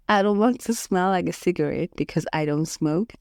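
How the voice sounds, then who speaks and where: A woman hosting a motivational podcast, speaking in an unhurried, reflective way and often laughing at her own stories. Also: fairly low pitch, expressive, darkish tone, no room sound, studio quality. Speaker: podcast host.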